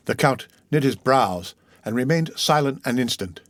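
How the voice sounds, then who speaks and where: A man narrating an audiobook of a classic novel in a steady reading voice. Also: mid-range voice, moderate pace, no room sound. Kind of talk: scripted narration.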